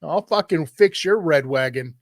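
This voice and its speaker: A man in his fifties hosts a podcast with brash, swaggering, profane banter. His voice sits fairly high for a man, and the recording is dry and close. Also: expressive, moderate pace, dry recording. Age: 50s. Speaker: podcast host.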